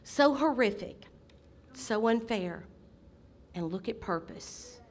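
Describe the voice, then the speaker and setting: Middle-aged woman pastor, slightly high voice, fervent sermon delivery with loud swells. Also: animated, slow pace. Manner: impassioned preaching with sudden loud outbursts. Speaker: senior pastor.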